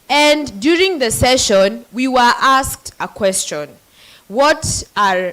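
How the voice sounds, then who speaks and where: Slow, high-voiced teen girl moderator. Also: fairly bright tone, rough recording. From Kenya. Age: teenager. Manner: earnest, emotional, addressing the audience directly. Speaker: child representative and event moderator. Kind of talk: speech to a conference audience.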